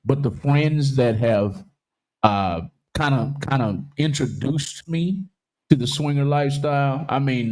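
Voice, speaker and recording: A man hosting a casual live-stream talk show, joking loudly, swearing freely and reading viewer comments aloud. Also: mid-range voice. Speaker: livestream talk show host.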